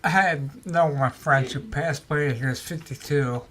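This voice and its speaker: A man, a guest on a talk show, telling paranormal stories in casual chat, animated and acting out quotes. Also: a little high, moderate pace. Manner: animated storyteller, acts out quotes.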